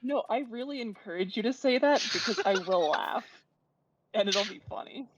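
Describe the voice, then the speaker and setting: A woman's voice: fairly high pitch, lively intonation, brisk, dull audio, heavy background noise. A woman in casual chat on a voice call, teasing friends and telling a funny story. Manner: teasing, laughing, chatty storytelling. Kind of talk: casual chat over a game stream.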